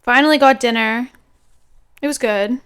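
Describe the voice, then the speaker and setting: A woman's voice: on the high side, moderate pace, fairly bright tone, clean tone. A woman in her twenties co-hosting a podcast in casual chat, often chiming in with short agreements. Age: 20s. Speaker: podcast co-host.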